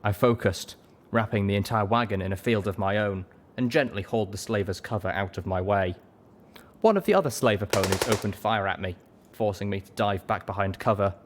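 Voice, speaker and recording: A man narrating a story in first person with a steady, dramatic reading. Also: lowish voice, a little fast, a little hiss or hum. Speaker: audiobook reader.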